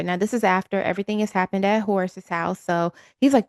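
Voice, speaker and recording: A woman's voice: medium pitch, steady tone, moderate pace, clean tone, no echo. Woman recapping a show, dry close sound. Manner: storytelling with quoted dialogue. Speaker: podcast co-host. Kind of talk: casual recap chat.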